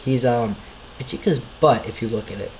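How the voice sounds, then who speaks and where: A man talks through his own homemade videos in a loose, rambling way, apologizing for his mistakes as he goes. His voice sits at an ordinary middle pitch, and a faint hiss runs under the recording. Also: normal speed, darkish tone, poor audio. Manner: rambling, self-deprecating, apologetic. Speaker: video creator commenting on his own series. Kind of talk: casual commentary over his own videos.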